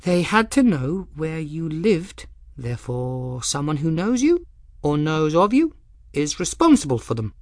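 Guy putting on a high earnest apprentice girl, careful and eager, dry close sound. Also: big pitch swings, unhurried, no echo. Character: young woman apprentice, earnest and precise.

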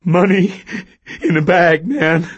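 A man's voice: huge pitch swings, extremely slow, slightly rough, lo-fi sound, exaggerated voice. A man playing a stoned, panicky young cashier. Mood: terrified. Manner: panicky, pleading, high-pitched yelps. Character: stoned young male store cashier, dazed then terrified.

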